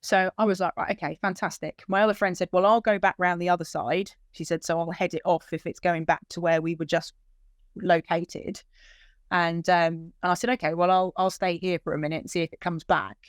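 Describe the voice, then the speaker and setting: Speaking fairly quickly in a lowish register, this woman relates the emotional search for her missing dog, quoting and performing each exchange. It's an animated retelling where her voice rises when moved, captured as clean studio sound with no echo.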